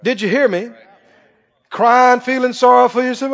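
An extremely high-pitched man preaches a sermon with lively intonation and a slightly slow pace, telling stories with laughter and emphatically repeating key phrases. The recording is dull and lo-fi, with a long hall reverb.

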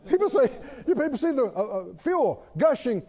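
A man preaching a sermon in an animated, storytelling way, often chuckling. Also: very high voice, normal speed, big-room sound, dull audio.

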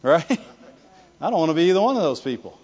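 A male preacher giving an animated sermon, swinging between loud declarations and hushed asides, often laughing and calling for the congregation's response. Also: on the high side, normal speed, husky. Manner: laughs often, calls for "Amen" and "Right". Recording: dull lo-fi sound with long hall reverb.

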